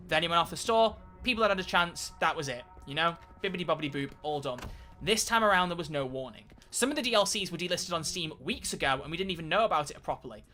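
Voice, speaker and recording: A man talks to his live audience while he plays, loose and chatty, with the odd swear word. His tone is bright and forward. It sounds like a home streaming setup. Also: a little high. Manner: chatty, animated, swears casually. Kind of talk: casual live-stream chat while gaming.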